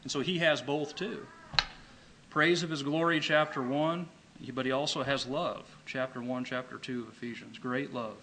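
A man delivers an emphatic sermon in a bright, forceful voice. He repeats his key phrases for weight and slows down when reading scripture. A faint background noise sits under the recording. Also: medium pitch, fairly even intonation, rough recording. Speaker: preacher.

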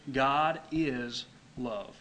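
A man delivers an emphatic sermon in a bright, forceful voice. He repeats his key phrases for weight and slows down when reading scripture. A faint background noise sits under the recording. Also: medium pitch, poor audio. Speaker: preacher.

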